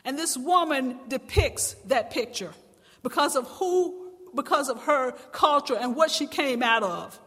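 A woman preaching a sermon in church, impassioned and swelling into loud, emphatic cries. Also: high-pitched, animated, measured pace, husky, big-room sound.

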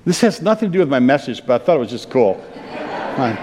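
A man's voice: medium pitch, big pitch swings, a little fast, in a large hall, background noise. A male pastor preaching a conversational sermon. He breaks into sung hymn lines now and then.

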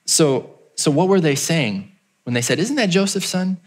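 A man preaching a sermon as pastor, telling the story and acting out the townspeople in a raised voice, then dropping low and quiet for emphasis. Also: animated, moderate pace.

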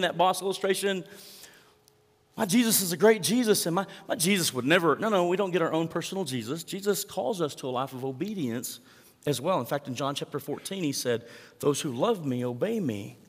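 A middle-aged man preaching a sermon as pastor, telling stories in an animated way that swings from hushed to loud. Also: mid-range voice, normal speed. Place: large church hall. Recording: long hall reverb.

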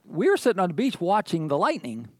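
A man's voice: high-pitched, wildly swooping pitch, quick pace. A middle-aged man preaching a sermon, telling stories in a folksy, conversational way and often checking in with his listeners. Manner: conversational, folksy storytelling with frequent "okay?". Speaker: pastor.

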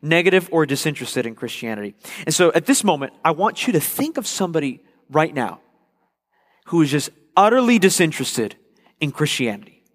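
A male pastor delivers an earnest sermon, leaning on repeated phrases to drive each point home. His voice sits a little high for a man. It rings out with a long reverb, as if filling a church sanctuary. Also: sing-song, a little fast.

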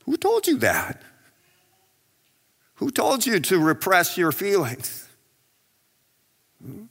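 A male pastor preaching in a casual, conversational way, tossing out rhetorical questions and acting out what people say. His voice is fairly high and bright. It rings through a large, reverberant hall. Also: huge pitch swings, slow, vocal fry, breathy edge. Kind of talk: sermon.

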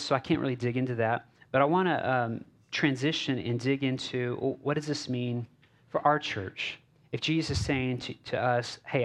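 Guy pastor preaching in a small church, chatty, lots of ums and restarts, middle-pitched voice. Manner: casual, halting, many fillers and restarts. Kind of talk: conversational sermon.

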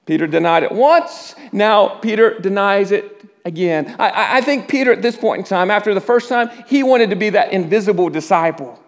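A man preaching a sermon in a church, often restarting his words and dropping to a hush at the solemn parts. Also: high-pitched, expressive. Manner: halting restarts, drops to a hush at solemn moments. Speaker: pastor.

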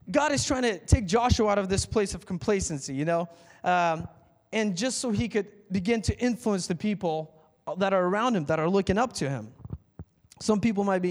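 Pastor, male, high voice, casual sermon with emphatic calls, reverberant church hall. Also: a little mellow. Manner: conversational preaching with many fillers, rising to emphatic calls.

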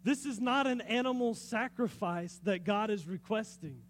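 A man preaching a sermon, lively and conversational, asking the listeners questions and laughing along the way. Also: high voice, normal speed, slight background noise. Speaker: pastor.

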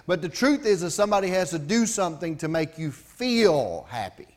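A man's voice: fairly high pitch, big pitch swings, moderate pace, darkish tone. A middle-aged pastor, preaching a folksy, conversational sermon with asides to his congregation.

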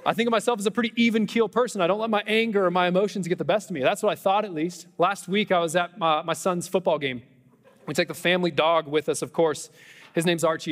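Guy preaching in a church, chatty and joking at himself, big reverb. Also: on the high side. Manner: animated, self-deprecating humor, conversational asides. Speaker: pastor. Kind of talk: Easter sermon with personal stories. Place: church sanctuary.

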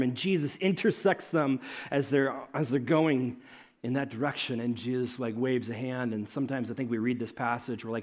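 A man preaching a sermon in an animated, conversational storytelling way, swinging between loud emphasis and hushed moments. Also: medium pitch, slightly rough. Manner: conversational, with fillers like "like" and "okay".

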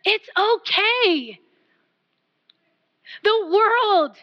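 Woman preacher, very high and bright, pleading sermon, dull lo-fi recording. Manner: passionate, pleading, varies from loud to near whisper.

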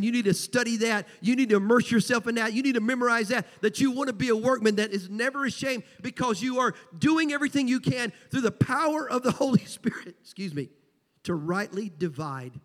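Southern pastor preaching, folksy and punchy, fairly high voice ringing in a big church hall. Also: male voice. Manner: folksy, emphatic, repeats key phrases. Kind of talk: sermon. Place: church sanctuary. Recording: long church hall reverb.

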